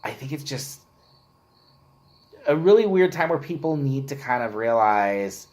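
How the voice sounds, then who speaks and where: A man's voice: medium pitch, very animated, measured pace, a little mellow. A man co-hosting a casual podcast chat, a former reporter, supportive with lots of short affirmations.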